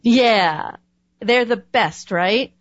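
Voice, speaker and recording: A woman hosts a relaxed interview, telling her stories with animation and frequent laughter. Her voice sits a little high and sounds close and dry, with a slightly muffled, lo-fi quality. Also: drawn-out words, dry recording. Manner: animated storyteller, laughs often. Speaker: host. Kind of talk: conversational interview.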